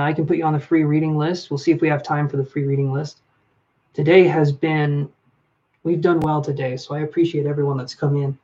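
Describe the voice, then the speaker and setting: A man's voice: on the high side, a little mellow, dull audio. A man on a live stream giving relationship advice, talking to viewers by name in a reflective way. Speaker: livestream reader and relationship advisor.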